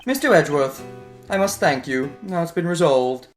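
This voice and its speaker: A man voicing a calm, grave older male assassin who speaks in a slow, formal way. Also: fairly high pitch, faint music behind, lightly acted.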